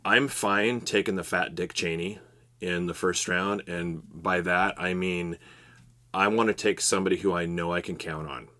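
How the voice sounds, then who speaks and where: Low-voiced man explaining fantasy strategy. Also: normal speed. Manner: steady, explanatory, advice-giving. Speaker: podcast co-host. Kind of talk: casual podcast analysis.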